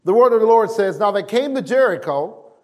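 A man preaching a sermon, reading scripture aloud and acting out the voices with emphatic, drawn-out delivery. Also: sits high, animated. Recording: long hall reverb.

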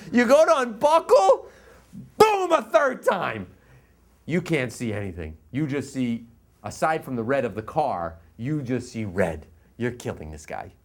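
A man from the US East Coast teaching through a story. His pitch swings widely from low to high as he acts out scenes. He laughs often and pulls the listener into the story. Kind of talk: storytelling lecture.

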